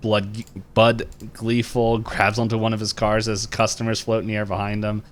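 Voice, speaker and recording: A man co-hosting a podcast, casually retelling a cartoon episode with lots of fillers and quick quoted lines. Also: fairly low pitch, completely flat delivery. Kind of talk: casual chat.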